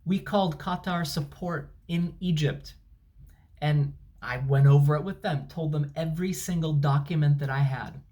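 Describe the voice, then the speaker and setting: A man's voice: fairly high pitch, moderate pace, mellow. A man, a travel vlogger, telling an angry, sarcastic, emphatic story at home. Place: at home, indoors. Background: dryer and washing machine running.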